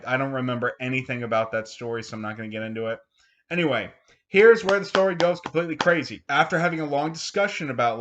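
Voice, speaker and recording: A man giving a casual, sarcastic book review, animated and swearing freely. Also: mid-range voice, muffled recording.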